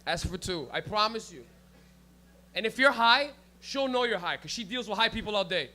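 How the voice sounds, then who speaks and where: At a comedy club with the audience right there, a young male comic delivers profane, loose stand-up, bantering with people and laughing at his own jokes. He sits high in pitch, sounding pushed and bright, with lively intonation and a moderate pace.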